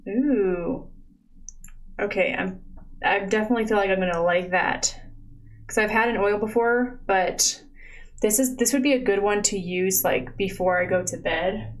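A young woman chatting live to her stream from home, sitting right up against her microphone. She gushes and gasps over each thing she unwraps, and "like" and "oh my gosh" keep filling her sentences. Her voice sits at an ordinary middle pitch. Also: unhurried, poor audio. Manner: gushing, excitable, lots of "like" and "oh my gosh". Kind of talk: casual live-stream unboxing chat. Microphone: close desk mic.

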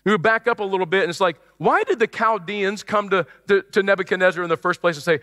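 A male pastor preaching a sermon in an animated way, acting out the voices he quotes, in a church auditorium. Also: high voice, fast talker, few pauses. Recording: long church hall reverb.

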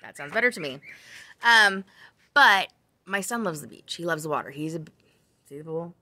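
Woman crochet vlogger, low-ish bright voice, dry sound, rambling chat with tangents. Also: expressive, moderate pace, no echo. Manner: chatty, rambling with side tangents; frequent ums and self-corrections. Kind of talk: casual chat.

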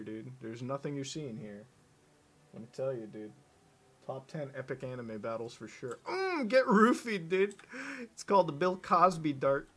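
A man streaming a video game live, commenting as he plays and reading chat messages in a profane, excitable and mocking manner with sudden shouts. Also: mid-range voice.

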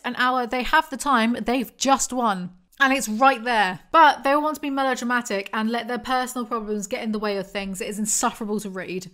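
A woman's voice: fairly high pitch, fairly bright tone. Young woman book reviewer, dry and sarcastic, easily exasperated. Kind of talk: sarcastic book reading and commentary.

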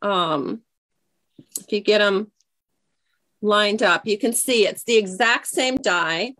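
A woman's voice: mid-range voice, takes it slowly, a bit bright. Chatty woman demonstrating a craft project. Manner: chatty, scattered, loses her train of thought. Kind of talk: casual craft tutorial.

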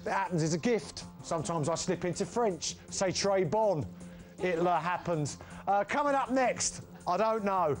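A man's voice: sits high, lively intonation, normal speed. A man hosting a TV game show live, joking and teasing his co-host. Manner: jokey, teasing banter with a co-host. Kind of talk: live TV presenting over music. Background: background music.

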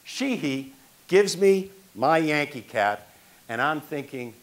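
A man's voice: on the high side, animated, unhurried. An older man from New York performing a one-man stage monologue, telling his own story and acting out the people in it.

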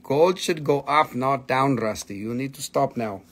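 A man's voice: medium pitch, measured pace, a bit bright, slightly rough. A man hosting a live-stream sale, playful and joking, bantering with viewers and himself into a phone. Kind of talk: live-stream sales pitch.

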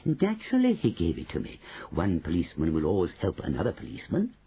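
A shrewd, bold old grandmother, put on by a male audiobook reader, who speaks slowly and with calm, knowing weight. The voice is dark and deeply breathy, with a lively swing in pitch. It suits an audiobook story. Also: exaggerated voice, poor audio. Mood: eager. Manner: slow, measured and knowing. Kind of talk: audiobook reading.

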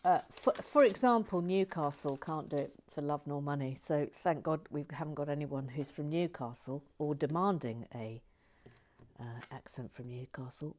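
A woman with a fairly low voice talks on a lapel mic while she builds at a table. She chats in a rambling, self-mocking way, often slipping into soft whispered asides. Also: moderate pace. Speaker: host building a toy model. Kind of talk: casual chat while building. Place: indoors at a table.

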